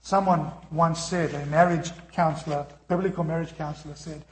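A man with a high voice preaches to his congregation, earnest and direct. He slips into quoted voices to make his points. The sound rings with the echo of a large hall. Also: steady tone, normal speed, hardly any pauses, slight background noise. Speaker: pastor. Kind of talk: sermon.

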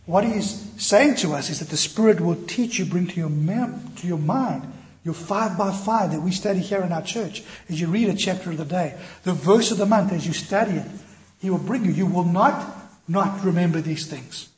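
A male pastor preaching a sermon, telling a personal story in an animated, self-deprecating way and acting out the voices in it. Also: sits high, normal speed. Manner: animated, self-deprecating, acts out quoted dialogue. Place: church.

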